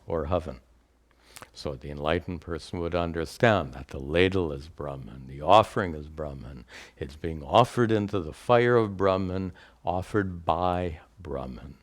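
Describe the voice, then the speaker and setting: A man teaching a scripture class, speaking deliberately, repeating key words and reciting Sanskrit phrases before explaining them. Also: low-pitched.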